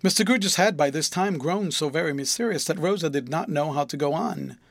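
A man reading a classic novel aloud with a measured, even delivery. His voice sits slightly high for a man. The recording is dry and close, with no room sound. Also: no room sound. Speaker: audiobook narrator. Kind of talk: scripted narration.

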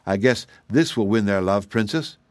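A man's voice: on the low side, animated, normal speed, no echo, lightly acted. A man voicing an easygoing, friendly wandering man in a storybook.

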